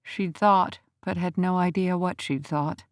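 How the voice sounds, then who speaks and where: A woman narrating a romance audiobook in an even, measured storytelling manner. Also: lowish voice, dry recording, studio quality.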